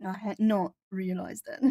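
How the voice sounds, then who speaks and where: An animated young woman in casual chat with her viewers, laughing often and circling back over her words. Her voice has an ordinary middle pitch for a woman. It is recorded dry, with no room sound. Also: no room sound. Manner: chatty, laughs often, repeats and restarts words. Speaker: art channel host.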